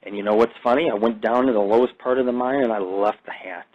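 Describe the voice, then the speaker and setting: A man's voice: mid-range voice, fairly even intonation, fast, lo-fi sound. A man hosting his own podcast, delivering a rambling, profane casual monologue that jumps between topics. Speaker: podcast host.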